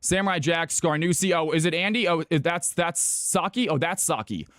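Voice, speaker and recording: A man from California hosts a live stream, talking fast and excitedly to his viewers and repeating himself as he sets up games. His voice sits on the high side for a man. The sound is dry and close, with no room around it. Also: no room sound. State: out of breath.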